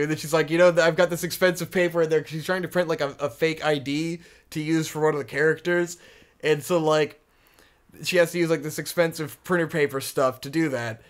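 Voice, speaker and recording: Young man, podcast co-host, casual storytelling, rambling, profane, filler-heavy, slightly higher voice. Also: clean tone.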